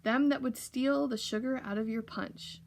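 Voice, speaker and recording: A shrewd, kindly old woman who slows down to deliver a folksy warning, as a narrator puts her on. Her voice has a slight gravelly edge in this storybook reading. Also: high-pitched, steady tone, a little mellow, slight background noise, pitched above the performer's own voice. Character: old Irish great-great-grandmother, shrewd and kindly.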